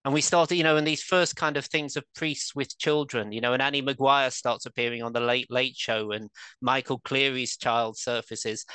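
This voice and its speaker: A man's voice: mid-range voice, bright, forceful tone, clear, resonant tone, no echo. A man in his fifties from England with a southern English accent, an articulate, emphatic podcast guest who likes rhetorical questions. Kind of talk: conversational interview.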